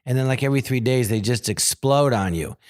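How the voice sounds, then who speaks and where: A man's voice: medium pitch, a little fast, a little mellow. A man who is a guest on a podcast, chatting casually and acting out other people's lines as he talks. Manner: conversational, acts out other people's lines in quotes. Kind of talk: casual conversational podcast chat.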